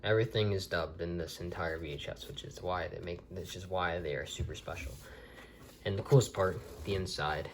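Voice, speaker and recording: A man's voice: low-pitched, steady tone, brisk, a little hiss or hum. A man reviewing a collectible video tape from the desk in his bedroom, talking casually and rambling with many restarts.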